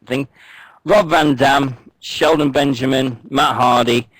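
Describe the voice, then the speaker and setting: A man's voice: mid-range voice, fairly even intonation, takes it slowly, a bit bright, dry recording, low-quality recording. A man co-hosting a wrestling radio show, bantering casually, joking and swearing as he rambles through stories.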